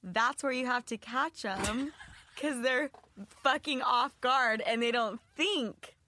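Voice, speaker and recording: Bright Valley Girl woman, giggly. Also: fairly high pitch, no room sound. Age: 20s. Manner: giggly, candid, quick affirmations. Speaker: podcast co-host. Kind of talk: casual chat.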